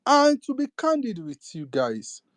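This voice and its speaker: A man's voice: extremely high pitch, wildly swooping pitch, unhurried, dry recording. A young man with a Nigerian accent giving an impassioned political rant, firing off indignant rhetorical questions. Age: young adult. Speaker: speaker in an online audio space.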